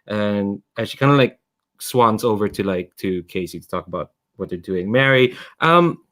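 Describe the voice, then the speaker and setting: A man narrates a tabletop game as its game master, rambling along in a relaxed way and laughing often. His voice sits slightly low. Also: moderate pace.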